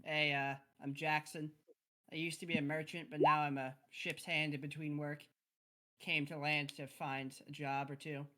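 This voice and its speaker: A man's voice: fairly high pitch, flat delivery, normal speed, pushed and bright. A man speaking in character as a tabletop game player, casual and wry.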